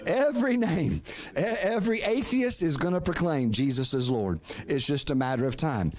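Pastor preaching, slightly high man. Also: animated, moderate pace. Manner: preaching with call-and-response prompts to the congregation; repeats words and restarts phrases. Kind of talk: sermon.

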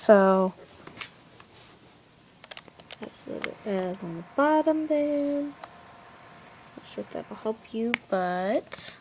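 Woman, casual home vlog, unhurried and rambling, faint background hiss. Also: on the high side, darkish tone. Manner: chatty, drifts into whispered asides. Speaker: new video maker. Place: at home near her bed. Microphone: handheld music player camera.

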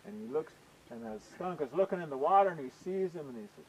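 A man telling a traditional folk tale out loud, relaxed and conversational, often dropping in "you know". His voice sits a little high for a man. A faint noise runs beneath the recording. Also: fast talker, vocal fry, low-quality recording. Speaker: storyteller. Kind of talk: oral folk storytelling.

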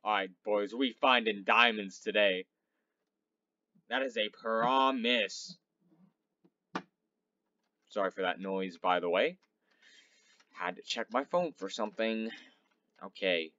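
A man's voice: on the low side, slow, pauses often, dry recording. Lo-fi young man rambling over gameplay. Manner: swearing, rambling, swinging between loud outbursts and mumbling. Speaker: gaming channel host. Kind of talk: casual gameplay commentary.

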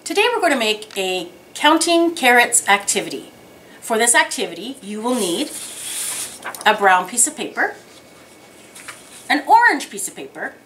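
Slow, lively woman teaching small children. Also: on the high side, a little hiss or hum. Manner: slow, sing-song and animated, drawing out words for young children. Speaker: preschool teacher. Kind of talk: children's lesson and picture-book reading.

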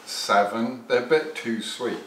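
A man's voice: mid-range voice, a little slow, a bit bright, recorded from a distance, a little hiss or hum. A man tasting snacks alongside the host, giving dry, teasing remarks in casual banter. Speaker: co-taster. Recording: echoey room, mic set back.

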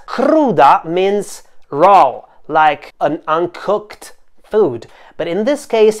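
A woman with as her explains song lyrics line by line in a low, unhurried voice. She talks slowly and carefully, and now and then stretches out a word to spell it out. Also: lively intonation. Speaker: Italian teacher and channel host.

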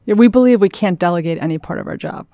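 A woman's voice: lowish voice, expressive, fast, warm tone, no room sound. A woman guest on a podcast interview, thoughtful and agreeable, answering at length. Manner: thoughtful, agreeable, backchannels often. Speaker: venture capital partner, guest. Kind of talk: casual interview chat.

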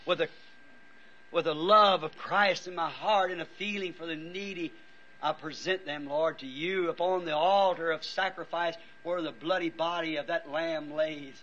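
Pleading older-sounding male preacher, high and sharp, weary, dull old tape with faint hiss. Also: fairly even intonation. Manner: earnest, pleading, halting restarts. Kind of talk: fervent prayer and altar call. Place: church before a congregation.

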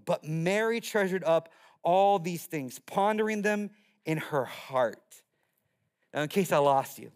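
High-voiced man preaching a sermon. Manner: animated storytelling with playful character voices. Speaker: pastor.

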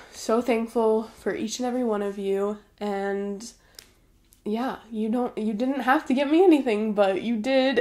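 A woman hosting her own channel, chatting to camera in a gushing, excitable way while unboxing gifts. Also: medium pitch. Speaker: booktube host. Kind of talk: casual chat to camera, unboxing.

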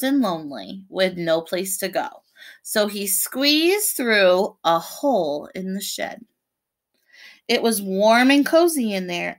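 A woman, a preschool teacher, reading a picture book aloud to children and explaining the pictures as she goes. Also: medium pitch. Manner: explains the pictures between pages, animated.

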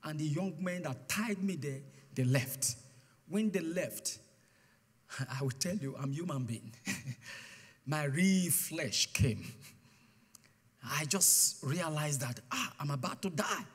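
A man preaching a guest sermon, telling his testimony with mounting passion and bursts into shouted declarations. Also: a little high, lively intonation, slow, long pauses, slightly rough. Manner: impassioned storytelling, swelling to shouted declarations. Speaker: guest pastor. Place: church sanctuary. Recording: long church hall reverb.

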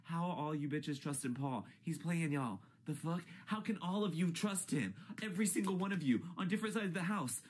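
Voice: medium pitch, expressive, normal speed, few pauses, noisy background. A YouTuber in a profane, exasperated rant about a reality TV show, swinging from grumbling to shrieks. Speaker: YouTube ranter.

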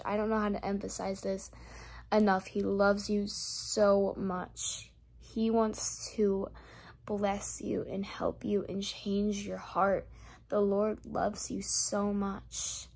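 A young woman in a casual vlog who shares a faith testimony and then leads a spoken prayer. She talks earnestly, repeats her phrases and drops to soft whispers as she prays. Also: mid-range voice, vocal fry. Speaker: vlogger sharing a faith testimony.

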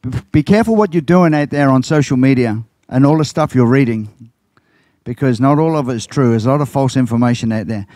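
A man's voice: a little fast, dark tone, dry recording. An older man, a pastor preaching a sermon and telling stories, acting out quoted lines. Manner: storytelling, acts out quotes with big pitch jumps.

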